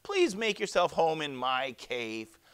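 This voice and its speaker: A big bully of a dragon growls his threats as a man reads him aloud, swinging widely up and down in pitch. He is a coward at heart, and it shows as he backs down. This is a storybook voice, loud and theatrical. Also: huge pitch swings, slow pace, smooth, full character voice. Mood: nervous.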